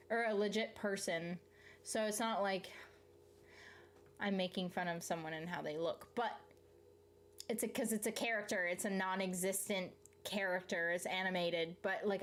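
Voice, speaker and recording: A woman from the South, chatting casually on a live stream, reading out viewer comments and answering them in a rambling way, swearing freely and laughing mid-sentence. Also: medium pitch. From Southern United States.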